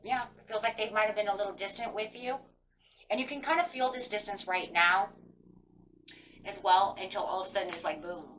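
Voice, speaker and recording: A woman's voice: mid-range voice, fairly even intonation, brisk, a bit bright, distant mic, a little hiss or hum, poor audio. A woman giving a casual tarot reading, rambling and full of fillers like "kind of" and "like". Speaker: tarot reader.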